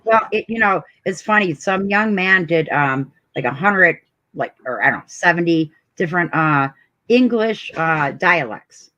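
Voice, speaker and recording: Curious co-host with a bright dry voice. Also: medium pitch, lively intonation, unhurried, dry recording, dull audio. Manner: curious, asks many questions, drawls. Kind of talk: casual stream chat.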